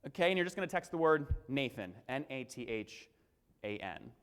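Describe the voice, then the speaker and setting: A young man giving an energetic conference keynote, talking straight to the crowd and acting out his own presenting lines. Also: mid-range voice, moderate pace, smooth. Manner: punchy, crowd-engaging, acts out webinar lines. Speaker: keynote speaker. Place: large conference hall. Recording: long hall reverb.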